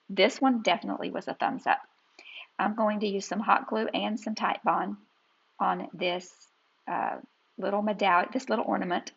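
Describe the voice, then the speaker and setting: A woman's voice: medium pitch, vocal fry, fairly bright tone, breathy edge, lo-fi sound. A woman hosting a crafting channel, talking casually and homily while she works through a DIY project. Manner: chatty, homey, talks while working. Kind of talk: casual craft tutorial voice-over.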